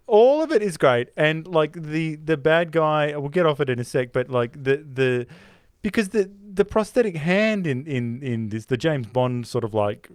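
A man's voice: fairly high pitch, normal speed, smooth, no echo. Rambling man on a dry podcast mic. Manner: rambling, many restarts, animated when retelling scenes. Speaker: podcast co-host. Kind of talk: casual film discussion.

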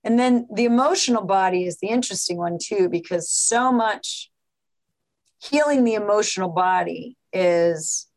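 A woman from New York, a physician guest in a podcast interview, explaining things in an animated way with examples and quotes. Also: mid-range voice, normal speed, poor audio.

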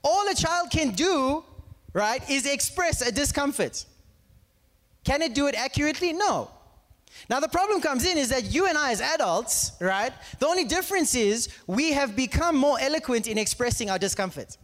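Animated, high-voiced male preacher in a reverberant hall. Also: moderate pace. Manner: animated, constantly checks in with the audience. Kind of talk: conversational sermon with anecdotes.

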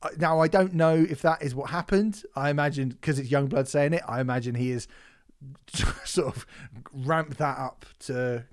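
A man's voice: medium pitch, moderate pace. A man, co-hosting a podcast in casual chat, rambling and laughing often. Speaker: podcast co-host.

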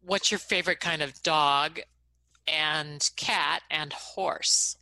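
A woman co-hosts a relaxed conversation and gushes enthusiastically about the things she loves. Her voice sits very low but has a bright, forward tone. She talks in a warm, eager way. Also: takes it slowly, no room sound. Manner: enthusiastic, gushing about favorites. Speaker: co-host. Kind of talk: casual chat.

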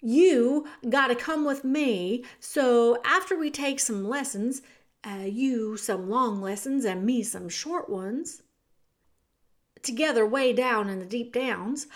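A woman voicing a rough, simple-minded young serving girl who shouts in broken grammar. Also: on the high side, slow. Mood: shouting. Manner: loud, ungrammatical, shouting.

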